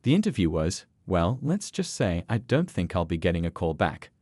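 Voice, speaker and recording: A man doing an earnest young job seeker in a storybook reading. He speaks quietly, with lively shifts in pitch. The sound is dry and close. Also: normal speed, no echo.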